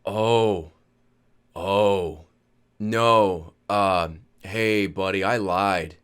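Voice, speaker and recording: A man's voice: low voice, very slow, a bit bright, smooth, pitched below the performer's own voice, exaggerated voice. A man voicing his drunk, drowsy father, who mumbles and stammers sheepishly.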